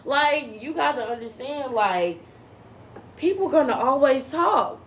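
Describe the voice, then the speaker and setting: A woman's voice: high voice, lively intonation, a little slow, a little hiss or hum. A woman co-hosting a podcast, giving a brash, profane pep talk in casual chat. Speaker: podcast co-host.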